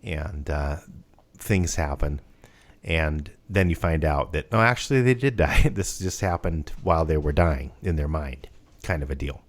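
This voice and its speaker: A man's voice: very deep voice, animated, measured pace. A man co-hosting a podcast, chatting casually and rambling with many restarts and fillers. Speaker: podcast co-host. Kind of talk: casual chat.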